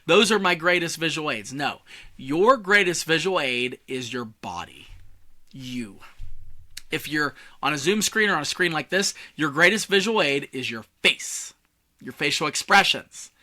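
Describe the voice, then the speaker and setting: A man teaching a public speaking lesson in a casual, joking way. He shifts his volume and tone on purpose, from big and loud to soft and hushed. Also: on the high side, lively intonation, unhurried. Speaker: communication coach.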